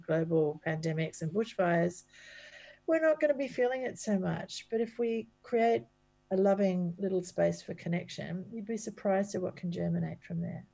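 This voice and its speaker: A woman's voice: on the low side, normal speed, vocal fry, dark tone, low-quality recording. A woman, a counselor, giving relationship advice in a chatty radio conversation with restarts and fillers. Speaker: sex therapist guest.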